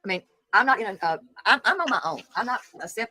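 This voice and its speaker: This woman's mid-range voice is bright, forceful and fast, with lively intonation, as she runs a casual livestream commentary show. Greeting viewers by name, she sounds blunt and indignant; the recording is dry and low quality.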